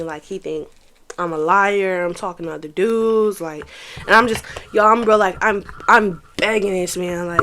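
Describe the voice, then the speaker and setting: A young woman, telling a casual storytime to her viewers in an animated, profane way, talking straight to them. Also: medium pitch, a little hiss or hum. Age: young adult.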